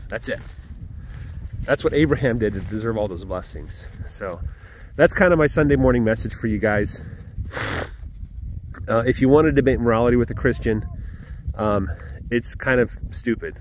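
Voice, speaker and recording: A man vlogging from his farm, sharing a casual Sunday morning message in an earnest, reflective way with fillers and pauses. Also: medium pitch, slight background noise. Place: outdoors on a farm.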